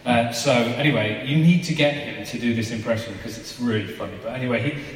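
A man's voice: mid-range voice, lively intonation, fairly quick, hardly any pauses. A man, giving an informal, chatty sermon and asking his listeners rhetorical questions. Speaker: preacher. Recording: echoey hall from far off.

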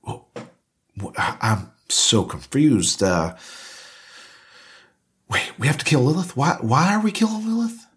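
A man doing a flustered, stammering scriptwriter with a husky voice. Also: on the low side, lively intonation, takes it slowly, long pauses, fairly bright tone, exaggerated voice. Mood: confused. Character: confused stammering male scriptwriter.

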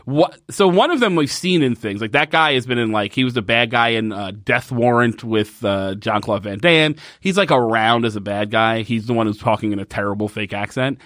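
A man from New York State co-hosts a loose conversation, retelling scenes with animated jumps and easy laughter. His middle-pitched voice sounds dry and close to the mic. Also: brisk, few pauses, dry recording. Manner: laughing, animated storytelling with fillers. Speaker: podcast co-host. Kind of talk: casual chat.

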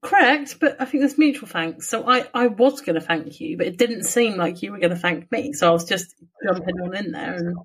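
A woman with a slightly husky voice banters through a casual podcast chat. She is sarcastic and teasing and swears freely. Her delivery stays loose and conversational. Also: mid-range voice, a little fast, few pauses, fairly bright tone, poor audio. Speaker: podcast co-host.

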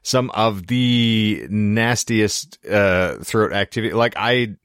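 Hoarse man, very low voice, casual podcast co-host, rambling wry storyteller. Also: slow pace, a bit bright, dry recording, studio quality. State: hoarse throat after illness.

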